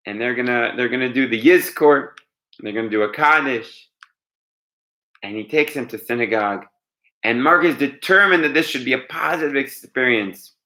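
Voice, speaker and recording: Bright-voiced male storyteller. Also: mid-range voice. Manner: animated, dramatic pauses. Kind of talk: oral storytelling.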